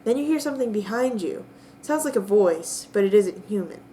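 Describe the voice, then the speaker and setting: A young woman narrating a text adventure game with bemused, drawn-out comic disbelief. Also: medium pitch, animated, mellow, a little hiss or hum. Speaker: player and narrator.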